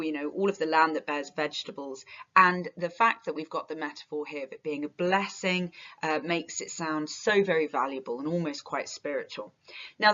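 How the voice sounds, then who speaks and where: A woman's voice: sits low, a bit bright, dull audio. A woman teaching poetry, walking through a poem line by line and stressing key words. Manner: thinking aloud with fillers, stressing key words. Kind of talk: literature lesson with close reading.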